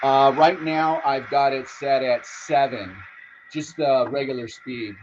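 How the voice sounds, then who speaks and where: A man hosts a relaxed hangout from his home train room and talks his viewers through each move, stopping and restarting his sentences. His voice sits at an ordinary middle pitch. The sound is dull and lo-fi. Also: takes it slowly, a little hiss or hum. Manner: explains step by step with restarts. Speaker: host. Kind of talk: casual chat.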